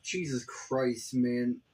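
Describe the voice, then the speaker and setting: A man giving casual, profane reaction commentary on a video, exasperated and rambling. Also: mid-range voice.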